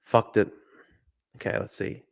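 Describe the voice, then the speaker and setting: A young Australian man streaming live, thinking out loud as he plays a guessing game, swearing often and talking to his chat. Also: unhurried. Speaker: livestreamer. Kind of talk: casual live-stream commentary.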